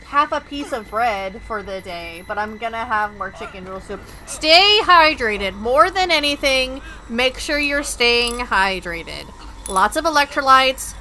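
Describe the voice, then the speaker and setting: Young woman game streamer, bright and tense tone, talkative and profane. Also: on the high side, lively intonation, unhurried, a little hiss or hum. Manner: chatty, profane, rambling. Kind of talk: casual gaming-stream chat.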